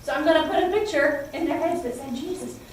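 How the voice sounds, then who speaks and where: With a fast delivery, a woman shares a Bible story with children, her voice high and spirited as she exclaims and gets them to repeat lines. Captured from afar in a very echoey space, the audio carries faint background noise.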